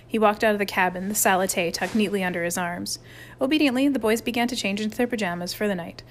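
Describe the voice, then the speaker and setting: Expressive woman reading a storybook. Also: medium pitch, fast talker. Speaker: audiobook narrator. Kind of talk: storybook narration.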